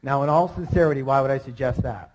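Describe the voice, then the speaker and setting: A man giving an energetic motivational seminar talk, calling out questions to the audience. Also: mid-range voice, quick pace, rough recording. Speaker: seminar speaker.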